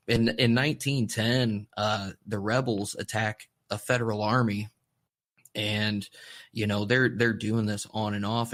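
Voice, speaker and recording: A man's voice: on the low side, a bit bright. A man hosting a podcast in casual chat, telling a history story in a rambling, swearing way. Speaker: podcast host.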